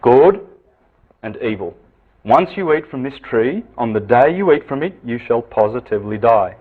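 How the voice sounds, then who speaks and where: A man's voice: medium pitch, moderate pace. Man lecturing over a tinny line. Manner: animated, rhetorical questions, repeats words. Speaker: esoteric lecturer. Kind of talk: lecture with visual aids. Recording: tinny phone-like lecture recording.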